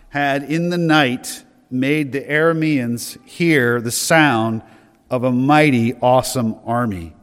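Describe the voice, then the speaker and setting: A man preaching a sermon in an earnest way, slowing down to stress key words. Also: mid-range voice, a bit bright. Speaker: pastor. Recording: hall reverb.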